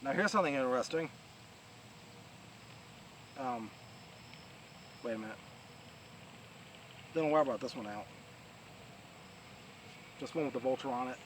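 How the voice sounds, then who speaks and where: Here the New York vlogger uses a mid-range, expressive voice at a measured pace, leaving long pauses as he rambles through a casual review outdoors with plenty of fillers and restarts. Loud noise from distant heavy machinery and traffic fills the recording.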